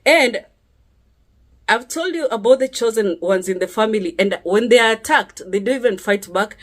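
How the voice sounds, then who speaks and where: A woman's voice: mid-range voice, moderate pace. A woman telling a personal testimony in a casual vlog, chatty and earnest, often checking in with her listeners. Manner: chatty, checks in with listeners by asking "yeah?" again and again; earnest and emphatic, sometimes rising sharply on key words. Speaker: vlogger sharing a personal testimony.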